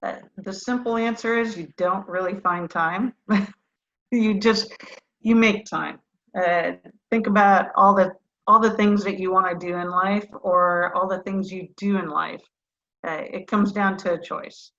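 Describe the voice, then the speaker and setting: A middle-aged woman, a retired fighter pilot, telling animated, self-deprecating stories as a guest in a video-call interview. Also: medium pitch, a little slow, highs cut off.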